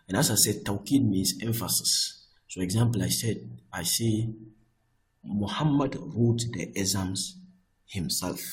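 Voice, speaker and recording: A man teaching an Arabic grammar lesson, talking patiently, repeating each point and slowing down to recite Arabic text. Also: lowish voice. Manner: slows down for Arabic quotations. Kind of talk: recorded online lesson.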